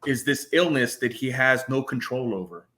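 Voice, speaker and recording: A man talking casually as a guest on a podcast, excited and profane, with frequent stumbling restarts. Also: mid-range voice, moderate pace. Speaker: guest panelist.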